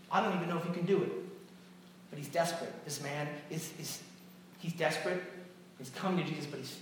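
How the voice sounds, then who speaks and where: A man preaching a sermon, lively and dramatic, acting out quotes and correcting himself as he goes. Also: on the high side. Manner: animated, acts out quotes, self-correcting. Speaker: pastor. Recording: echoey hall, distant mic, faint noise.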